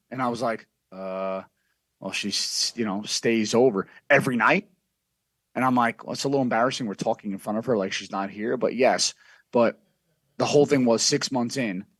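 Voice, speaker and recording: A man's voice: on the low side, a bit bright, no room sound. A man telling a brash, profane story as a guest on a casual podcast.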